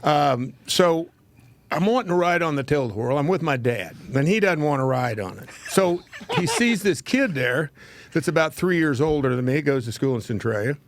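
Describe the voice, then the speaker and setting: A man's voice: on the high side, expressive, normal speed. A man in his seventies hosting a talk show, telling a rambling, folksy story from his childhood and laughing at his own tales. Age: 70s. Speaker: host.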